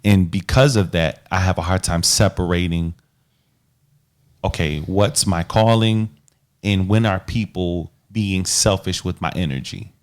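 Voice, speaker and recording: A man's voice: deep voice, steady tone, unhurried. A man co-hosting a podcast, talking in an earnest, reflective way with loose casual slang. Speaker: podcast co-host. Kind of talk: casual relationship chat.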